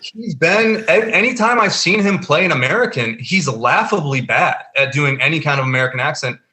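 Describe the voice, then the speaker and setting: A man's voice: a little high, animated, fairly quick, bright, forceful tone. A man co-hosting a casual film review podcast, talking emphatically with lots of fillers and restarts. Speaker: podcast co-host.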